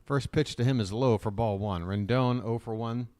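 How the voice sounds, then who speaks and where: A man calling live baseball play-by-play as a fan commentator, chatty and opinionated between pitches. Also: normal speed, a little mellow, no echo.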